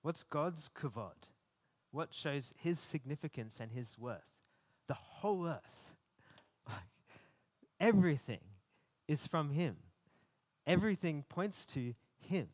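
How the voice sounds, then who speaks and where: A man's voice: on the high side, animated, measured pace. A man giving a conversational sermon, often repeating words as he builds emphasis. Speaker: preacher.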